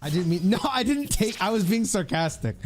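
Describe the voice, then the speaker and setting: Lively, chatty young male streamer. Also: high-pitched, fairly quick, soft background music. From Philippines. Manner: rambling, chatty, lots of fillers, laughs often. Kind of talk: casual live-stream chat while gaming.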